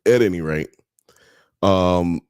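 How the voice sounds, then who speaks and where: A male live-stream host talks in a low, unhurried drawl, cursing casually and bantering with viewers as he reads their comments. His voice is dry and close to the mic, with no room sound. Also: a little mellow, smooth, no room sound. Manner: profane, loose and joking, reading chat comments aloud.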